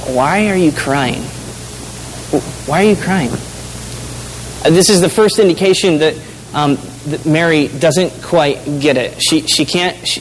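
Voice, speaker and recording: A male preacher delivers a sermon in an earnest, halting manner, often restarting his phrases. His voice sits a little high for a man. A faint hiss runs underneath the recording. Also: poor audio. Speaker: pastor.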